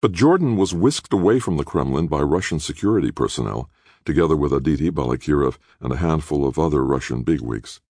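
Super deep gravelly guy reading a novel, lively delivery, dry close mic. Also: a little fast, dry recording. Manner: expressive storytelling. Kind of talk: audiobook narration.

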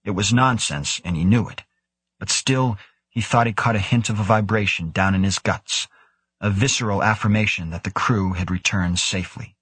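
A man narrating an audiobook in a steady, measured storytelling manner. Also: on the low side, slightly rough, no echo. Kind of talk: scripted narration.

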